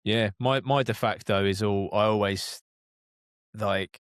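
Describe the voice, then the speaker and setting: A man's voice: fairly low pitch, slow, smooth, no room sound, clean studio sound. A man, a cab driver co-hosting a casual chat, talking reflectively with many casual fillers. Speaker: London cab driver, co-host.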